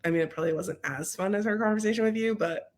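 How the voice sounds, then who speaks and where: A woman's voice: medium pitch, quick pace, darkish tone. A woman on a video call talking enthusiastically in casual conversation, with lots of filler words. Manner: enthusiastic, many fillers, speaks of energy and joy.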